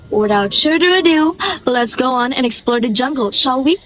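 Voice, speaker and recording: A woman's voice: sits high, expressive, normal speed, fairly bright tone, slight background noise, low-quality recording. A woman contestant telling a children's fable with a dramatic, playful flair. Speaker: storytelling contestant. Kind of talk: theatrical storytelling.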